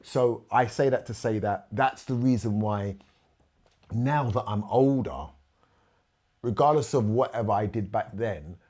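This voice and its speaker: A middle-aged man with a husky, slightly breathy voice. He sits in as a podcast guest and tells a frank story from his life, full of feeling. He acts out the other people's lines as he goes. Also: on the low side, unhurried, darkish tone. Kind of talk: candid storytelling chat.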